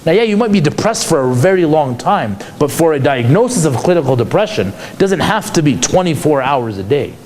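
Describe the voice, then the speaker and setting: A man's voice: a little high, very animated, fairly quick, hardly any pauses, a little mellow, slight background noise. A man giving a conversational lecture to a class, asking many rhetorical questions. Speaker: psychologist teaching a class.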